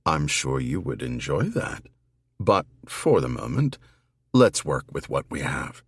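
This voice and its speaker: A dry, businesslike male army investigator, voiced by the narrator. He has a deep, low voice and an unhurried pace. His delivery is pragmatic and steady in tone. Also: husky, no room sound, full character voice.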